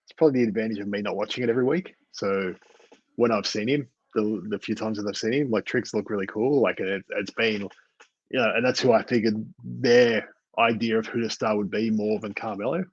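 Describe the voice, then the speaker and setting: A man's voice: on the low side, steady tone, fairly quick, breathy edge, no room sound, muffled recording. A man co-hosting a wrestling review podcast in casual chat, rambling with many fillers and restarts. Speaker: podcast co-host.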